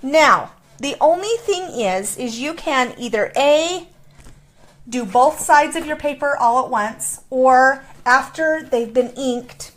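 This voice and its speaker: A woman's voice: sits high, animated, slow pace. Chatty woman demonstrating a craft. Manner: chatty, playful, explains step by step. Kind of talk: casual craft tutorial.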